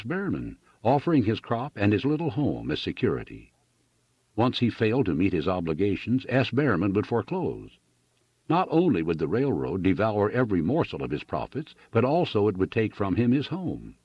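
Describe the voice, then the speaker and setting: A man reading a novel aloud as an audiobook narrator, in an expressive, dramatic style. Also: fairly low pitch, husky, no room sound, dull audio. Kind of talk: scripted narration.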